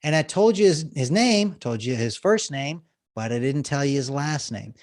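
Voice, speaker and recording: With a mid-range voice at normal speed, a guest who coaches business storytelling explains his approach on a podcast and tells an example story. He stays animated throughout, laughing frequently.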